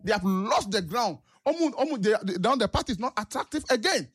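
A man's voice: sits high, animated, brisk, a bit bright, breathy edge. A man with a Ghanaian English accent, calling in to a talk show and giving impassioned political commentary with rhetorical questions. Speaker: caller.

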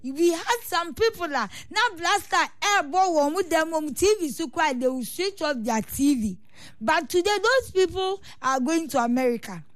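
A woman's voice: very high voice, lively intonation, normal speed, no echo. A woman with a Ghanaian accent, a football supporters' union leader, giving earnest, complaining interview answers. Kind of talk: interview answers, mixing Twi and English.

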